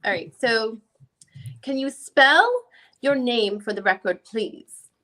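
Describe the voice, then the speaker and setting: A female defense lawyer with a put-on Jamaican accent, as a woman reads her part, working through her questions formally and methodically. Her voice sits fairly high. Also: slow, bright, forceful tone. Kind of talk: amateur dramatic reading.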